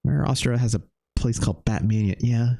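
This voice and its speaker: A man in his thirties streaming a retro game, chatting with viewers in a loose, animated way and swearing casually. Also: medium pitch, fast, vocal fry. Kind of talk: live game stream chat.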